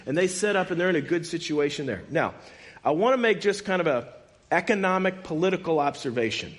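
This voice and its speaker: A man preaching in a casual, conversational way, retelling a Bible story with lively quoted dialogue. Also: fairly high pitch, fairly quick.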